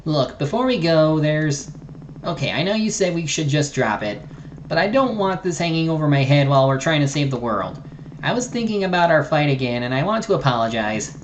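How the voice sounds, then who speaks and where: A woman's voice: low-pitched, big pitch swings, a little fast, slight background noise, low-quality recording. A streamer reading an earnest young woman adventurer. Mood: apologetic. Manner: read aloud with small slips and restarts. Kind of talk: reading game dialogue aloud.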